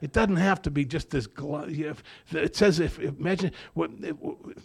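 Gravelly man sharing his recovery story. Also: fairly high pitch, normal speed. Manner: rambling, with many repeated restarts; animated storyteller. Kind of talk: recovery meeting share.

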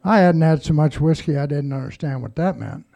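An older man tells his recovery story in a gravelly, slightly raised voice. His tone is mellow and dark, and he talks in a blunt, wry, plain-spoken way, with some swearing. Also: fairly high pitch, brisk. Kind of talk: personal storytelling to a group.

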